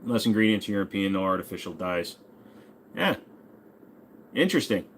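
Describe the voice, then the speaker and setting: Hosting a relaxed livestream, this forties-aged man speaks in a lower register with animated energy at a normal speed, over a faint hiss or hum. He works through viewer questions, answering with easygoing jokes and the occasional curse.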